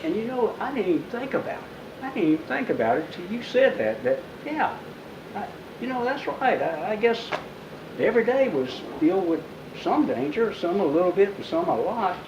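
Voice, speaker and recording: A man speaking as an author at a bookstore talk, telling a story vividly to a live audience and acting out the shouted lines. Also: high-pitched, big pitch swings, normal speed, reverberant, lo-fi sound, background noise. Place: bookstore event room.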